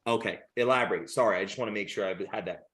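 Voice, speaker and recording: A man's voice: on the low side, a bit bright. A man hosting a podcast interview, cutting in to check details and apologizing as he goes. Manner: interrupts to clarify, quick and apologetic. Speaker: podcast host. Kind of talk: casual interview talk.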